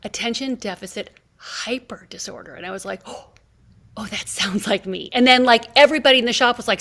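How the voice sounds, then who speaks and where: A woman's voice: on the high side, fairly quick. A woman in her fifties hosting a podcast, telling an anecdote animatedly and acting out the other people in it. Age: 50s. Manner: animated storyteller acting out quoted dialogue. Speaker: podcast host. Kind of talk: casual conversation, storytelling.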